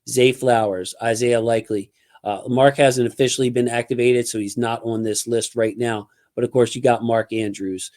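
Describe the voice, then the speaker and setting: A man hosting a casual sports talk show on his own channel, speaking in an animated, emphatic way. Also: mid-range voice. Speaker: podcast host.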